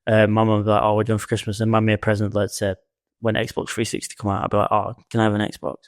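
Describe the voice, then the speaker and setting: A man's voice: fairly low pitch, monotone, rapid-fire, no echo, clean studio sound. Laid-back man chatting. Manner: laid-back, swears casually. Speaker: podcast co-host. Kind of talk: casual chat.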